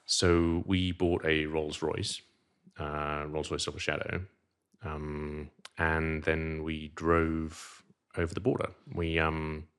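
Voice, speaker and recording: Very deep-voiced posh English man. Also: slow pace, few pauses, smooth. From Zimbabwe. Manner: rambling, animated storyteller. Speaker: guest. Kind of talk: casual interview chat.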